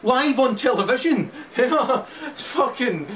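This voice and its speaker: A man delivering a profane ranting monologue, often laughing and shouting. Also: very high voice, lively intonation, unhurried. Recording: distant mic with crowd chatter and noise.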